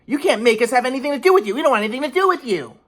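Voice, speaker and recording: A man's voice: extremely high pitch, expressive, rapid-fire, a bit bright, pitched above the performer's own voice, exaggerated voice. A man voicing his cold, scornful mother in a mocking, sneering tone. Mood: dismissive.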